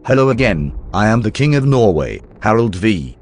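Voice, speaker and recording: A man's voice: on the low side, big pitch swings, moderate pace, darkish tone. A man playing an older king delivering a mock jury address, stately with teasing asides. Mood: regal teasing. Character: older male king, regal yet joking.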